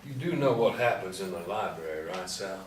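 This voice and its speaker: A man's voice: low voice, animated, brisk. An actor playing a taunting old man in a screenplay table read, speaking in a mocking, goading way. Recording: roomy, distant mic, faint hiss.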